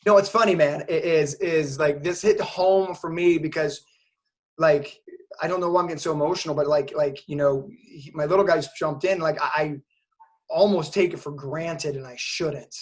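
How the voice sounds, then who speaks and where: A man's voice: fairly high pitch, moderate pace. A man hosting an interview, talking casually and with open feeling, often using "like" and "you know". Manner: enthusiastic, emotional, lots of fillers like "like". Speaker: host, course creator.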